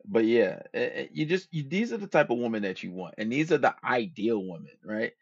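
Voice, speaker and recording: A podcast host with a mid-range, husky voice and vocal fry speaks animatedly and fairly quickly. He gives dating advice in a casual monologue that's slangy, profane and rambling, captured on a dull, dry lo-fi recording.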